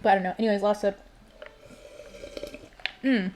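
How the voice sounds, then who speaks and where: A woman's voice: medium pitch, fairly even intonation, normal speed, a little mellow, soft background music. A young woman streamer in casual chat with her viewers, giggly and emotional, talking straight to her chat.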